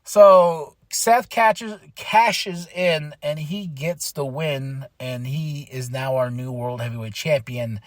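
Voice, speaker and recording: A man hosting his own podcast, giving a casual, excitable solo review, breaking into laughter and acting out his reactions. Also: on the high side, takes it slowly, hardly any pauses, dry recording. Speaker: podcast host reviewing a wrestling event.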